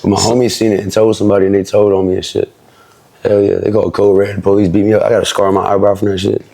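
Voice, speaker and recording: Fast, gravelly, low-voiced young man. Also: level tone, warm tone. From Philadelphia. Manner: street slang, fast and rambling. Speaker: interview guest, rapper. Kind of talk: casual storytelling.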